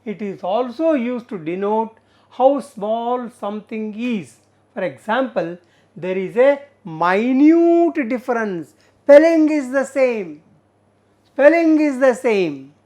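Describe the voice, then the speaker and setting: Slow-talking Indian English woman teacher. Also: on the high side, lively intonation, dark tone. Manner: slow, repetitive explaining with frequent fillers. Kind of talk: recorded classroom lesson.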